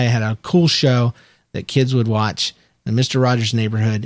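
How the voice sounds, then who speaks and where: A man's voice: mid-range voice, dry recording. Give me an earnest, reflective man co-hosting a podcast, with a dry, close sound. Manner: earnest, reflective, talks about faith. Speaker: podcast co-host. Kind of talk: casual chat.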